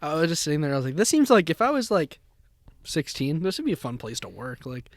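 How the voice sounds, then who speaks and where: A man's voice: a little high, big pitch swings, fast talker, no room sound. A young man co-hosting a casual podcast, telling a laughing anecdote and teasing his co-host. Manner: laughing anecdote teller who quotes people in the story, teasing. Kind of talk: casual chat.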